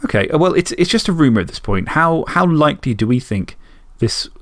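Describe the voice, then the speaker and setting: A man co-hosting a tabletop game podcast, chatting casually, animated and thinking aloud, with some swearing. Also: on the high side, a little fast, dry recording, clean studio sound. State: hiccuping. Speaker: podcast co-host. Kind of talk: casual chat.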